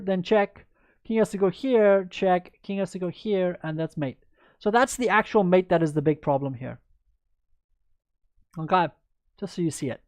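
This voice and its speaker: A woman's voice: on the low side, warm tone, dry recording, clean studio sound. A woman chess coach in a livestreamed lesson, chatty and upbeat, answering viewers by name as she goes through moves.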